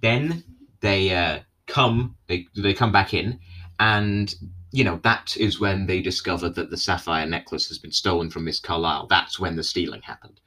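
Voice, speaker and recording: Rambling young man with a lowish voice. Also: moderate pace, sharp tone. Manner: rambling, filler-heavy, keeps asking "right?". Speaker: episode recapper. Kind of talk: casual retelling of a TV episode.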